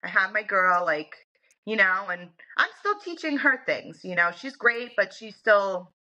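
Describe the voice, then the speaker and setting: A woman's voice: medium pitch, sing-song, measured pace, bright, forceful tone, dull audio. A woman guest in a casual interview, talking in a chatty way full of "like" and "you know". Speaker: interview guest, dog owner.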